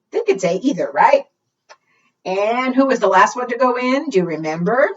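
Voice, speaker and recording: A woman librarian reading a picture book to preschool children, animated, asking them questions and singing along. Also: medium pitch, a little fast, slightly rough. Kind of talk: preschool storytime read-aloud. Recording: distant, dull lo-fi sound.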